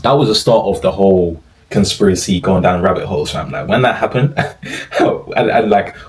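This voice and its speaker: A man's voice: sits low, normal speed, rough recording. A young man giving slangy, profane, exclaiming commentary in a casual rant.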